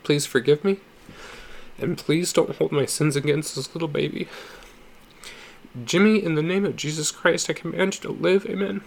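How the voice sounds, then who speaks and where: A man voicing a rough, ashamed older farmer who speaks quietly and haltingly in rural speech. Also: medium pitch, noisy background, natural voice. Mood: hushed prayer.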